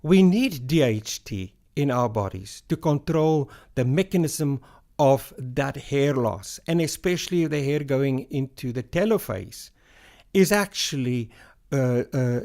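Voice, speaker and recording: A middle-aged man with a gravelly, creaky edge to his voice speaks as a hair loss doctor in a podcast interview. He explains in a measured way, step by step, reaching for everyday comparisons. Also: medium pitch, expressive, a little mellow.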